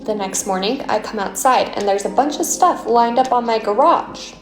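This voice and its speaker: A woman casually recounting a story for a storytime video, incredulous and animated. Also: fairly high pitch, normal speed, soft background music. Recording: echoey room.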